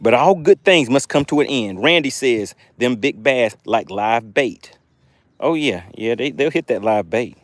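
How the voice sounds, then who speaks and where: A man's voice: mid-range voice, animated, a little slow, dry recording. Playful man hosting a fishing stream. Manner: playful, hypes catches with made-up words, reads viewer comments aloud. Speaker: fishing livestream host. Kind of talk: live-streamed fishing commentary, reading chat. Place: outdoors on a boat on a lake.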